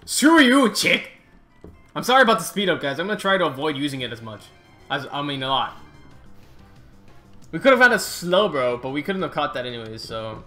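A man runs his gaming channel with casual, wandering play-by-play, excitable and prone to groaning and cursing at the game. His pitch is fairly high, backed by soft background music.

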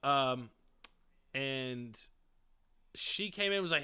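Slow and smooth, with frequent pauses, a young man of medium pitch co-hosts a podcast. His casual storytelling is lively, and he imitates the voices of everyone in his tales.

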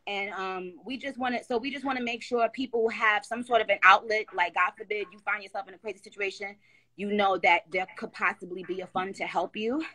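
A woman's voice: mid-range voice, steady tone, brisk, bright, forceful tone. A woman talking into her phone on a casual live stream, emphatic and slangy, rambling through restarts.

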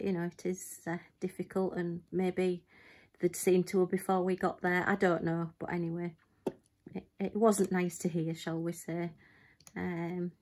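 A middle-aged woman, chatting casually to camera as a crafting channel host, telling a story with lots of ums and little asides. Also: fairly low pitch.

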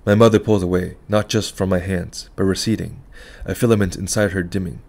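A man narrating a literary story in the first person, calm and reflective. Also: deep voice, brisk, creaky, few pauses. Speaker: audiobook narrator.

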